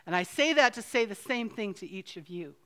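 A middle-aged woman pastor delivering a Sunday sermon in a church sanctuary, filmed on camera. Her voice sits at a middle pitch and she talks earnestly, mixing joking asides with slow, weighty emphasis on key words. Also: lively intonation, fairly bright tone. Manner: earnest, conversational, with playful asides and slowed emphasis.

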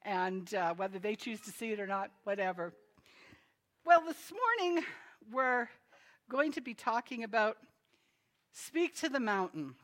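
A woman's voice: on the high side, sing-song, measured pace, pauses often. A woman preaching a sermon in a chatty manner, laughing between her remarks. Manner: chatty, laughs often, tells jokes. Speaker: pastor.

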